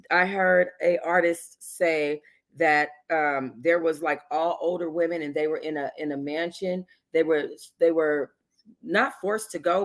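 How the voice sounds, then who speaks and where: A woman's voice: sits low, fairly bright tone. A woman hosting a casual livestream, giving chatty, sassy commentary with emphatic slangy asides. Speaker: YouTube host reviewing a reality show.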